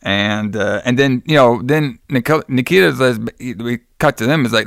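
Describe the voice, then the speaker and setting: Guy rambling thru a wrestling recap, smooth clear voice, dry close sound. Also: medium pitch, moderate pace, hardly any pauses, no echo. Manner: rambling, lots of "like" and restarts, excitable. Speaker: podcast co-host. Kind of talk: casual chat recapping a wrestling show.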